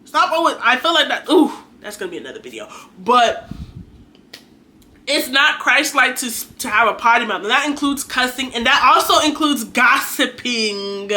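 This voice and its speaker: A woman's voice: a little high, animated, normal speed, pushed and bright. A young adult woman giving an earnest, chatty faith talk to her viewers, exhorting and conversational. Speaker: faith vlogger. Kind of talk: casual preachy monologue.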